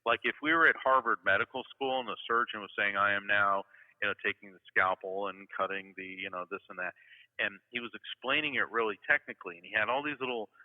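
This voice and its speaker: A man's voice: lowish voice, quick pace, big-room sound, narrow, tinny audio. A man telling a long travel story in a casual interview, full of fillers and asides. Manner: rambling, many "you know" fillers, animated retelling. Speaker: guest storyteller.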